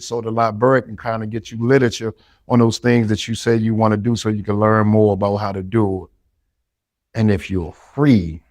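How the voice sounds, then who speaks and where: A man's voice: medium pitch, darkish tone, no room sound. A middle-aged man, giving earnest, encouraging answers as a podcast guest.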